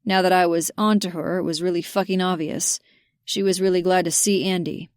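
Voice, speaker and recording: A woman narrating a romance audiobook, lively and giving the characters their own voices, on a close mic. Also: lowish voice, a little fast, clear, resonant tone, dry recording.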